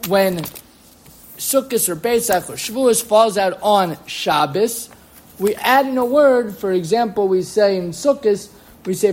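Lively high-voiced man teaching a class. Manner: lively, questioning, drops to mutters. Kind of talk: Talmudic lecture to students.

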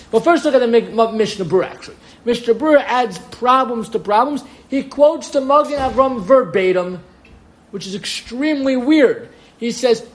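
A man, leading a class in a fairly high voice. He keeps asking the students questions and shifts between lively stress and low asides. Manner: lively, questioning, drops to mutters. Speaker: rabbi teaching a class. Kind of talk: Talmudic lecture to students.

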